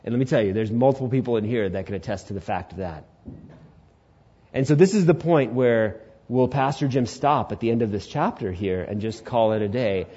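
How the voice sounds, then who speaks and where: Young male pastor in his twenties, warm dark tone, preaching with big swings in volume, slightly muffled recording. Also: medium pitch, brisk, husky. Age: 20s. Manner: animated storytelling, swings from loud to hushed. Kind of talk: sermon.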